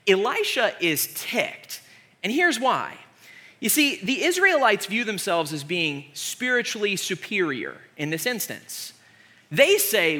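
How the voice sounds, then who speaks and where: A man in his thirties preaching a comedic sermon in an animated, joking, sarcastic way. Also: high-pitched, a little slow.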